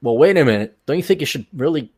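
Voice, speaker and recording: A man's voice: fairly high pitch, lively intonation, fast talker, a little mellow, husky. A man hosting a podcast, ranting in an exasperated, sarcastic and profane way. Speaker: podcast host. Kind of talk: ranting monologue.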